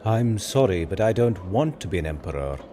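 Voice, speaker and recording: A man's voice: deep voice, big pitch swings, moderate pace, slight background noise. A Scottish man reading the part of a humble man making an impassioned plea for humanity, swelling into rousing appeals. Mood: earnest. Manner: builds to rousing, almost shouted appeals. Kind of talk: dramatic reading of a film speech.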